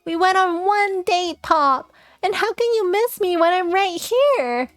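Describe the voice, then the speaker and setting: A woman voicing an exasperated teenage girl from a game, sharp and fed up. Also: very high voice, animated, unhurried, no room sound, faint music behind, pitched above the performer's own voice, exaggerated voice.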